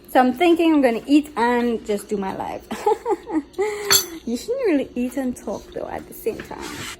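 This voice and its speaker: A woman's voice: fairly high pitch, expressive, normal speed, dark tone, faint music behind, low-quality recording. A woman, a dietitian chatting casually in a vlog from her home kitchen, bubbly and giggly. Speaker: dietitian vlogger.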